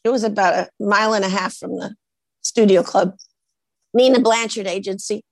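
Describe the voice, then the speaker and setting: A woman's voice: mid-range voice, moderate pace, creaky, no echo, low-quality recording. A woman over sixty from the United States, a guest actress telling stories in an interview and acting out the voices of the people she quotes. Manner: animated, acts out quoted voices in her stories. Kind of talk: conversational storytelling in an interview.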